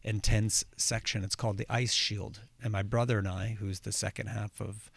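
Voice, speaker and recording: A man with a low, gravelly voice talks through a studio mic on a morning radio show. He speaks in a relaxed, rambling way, often restarting his sentences. The sound is close and dry. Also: moderate pace, no room sound. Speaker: guest musician and actor. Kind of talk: casual radio interview chat. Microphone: studio microphone, dry.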